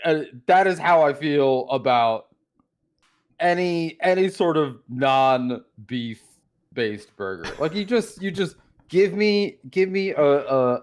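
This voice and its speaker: A man co-hosting a podcast in a loose, rambling casual chat, often trailing off mid-thought. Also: on the high side. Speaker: podcast co-host.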